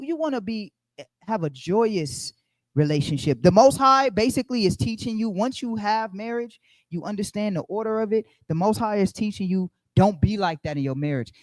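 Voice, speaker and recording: Speaking directly to his Bible study group, a high-voiced man preaches with emphasis but a conversational feel, returning to his key phrases again and again. There's no echo on the recording.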